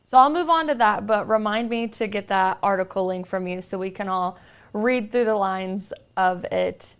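Chatty woman host, smooth voice. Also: mid-range voice, normal speed. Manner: chatty, uses "like" often. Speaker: podcast host. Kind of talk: casual interview chat.

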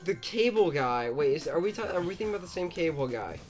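A man's voice: on the high side, expressive, fast, faint music behind. A young man co-hosting a gaming podcast, telling stories in a rambling way with lots of fillers and restarts. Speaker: podcast co-host. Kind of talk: casual let's-play chat.

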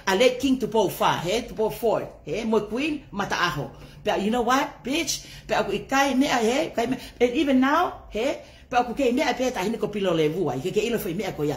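A woman ranting angrily on her livestream, heated and profane, swinging between English and Tongan. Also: on the high side. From not raised in Tonga. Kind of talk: angry livestream rant.

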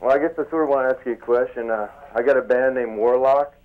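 An eager man calling in who talks fast in a flat, even voice and swears casually. The line sounds muffled and lo-fi. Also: mid-range voice. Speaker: caller. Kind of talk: casual phone call. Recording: dull phone-line sound.

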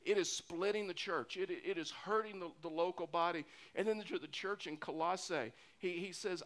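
A man's voice: high-pitched, moderate pace, hardly any pauses, fairly bright tone. Earnest male pastor preaching. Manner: earnest, repeats phrases when stressing a point. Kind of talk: sermon.

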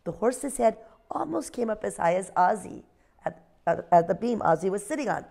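A woman teacher leading a phonics lesson with young children and reading them a story in a slow, sing-song way. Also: medium pitch, expressive, vocal fry, dark tone. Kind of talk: phonics lesson and read-aloud.

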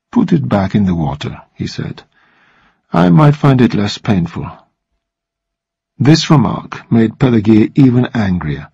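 Husky man reading a story aloud. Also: mid-range voice, a little mellow, dry recording, lo-fi sound. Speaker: narrator. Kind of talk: read-aloud story for English listening practice.

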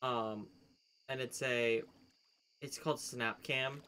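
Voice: medium pitch, fairly even intonation, slow, pushed and bright, a little hiss or hum. A streamer chatting casually with friends while gaming, laid-back and rambling.

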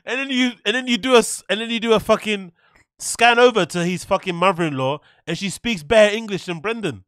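A man's voice: high-pitched, brisk, fairly bright tone, no room sound, clean studio sound. A man hosting a casual reaction video, profane and loose, riffing on a clip. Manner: profane, laughs often, riffs loosely.

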